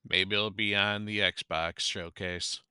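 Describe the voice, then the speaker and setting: A man's voice: fairly low pitch, fairly even intonation, takes it slowly, bright, forceful tone, clean tone, dry recording. A man co-hosting a podcast in casual chat, announcing upcoming episodes and making dry, wry asides. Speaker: podcast co-host.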